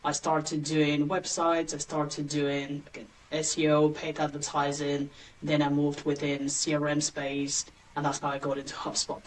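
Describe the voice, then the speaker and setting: A woman in her late thirties from Bulgaria, speaking English with a Bulgarian accent as an interview guest, chatty and quick to laugh. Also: sits low, completely flat delivery, recorded from a distance, a little hiss or hum, low-quality recording. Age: late 30s. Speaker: guest, agency founder. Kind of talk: casual interview chat.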